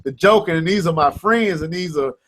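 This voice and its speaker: Lively higher-voiced gaming podcast host. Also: male voice, brisk. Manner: animated storytelling, many restarts and quoted banter. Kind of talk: casual gaming podcast chat.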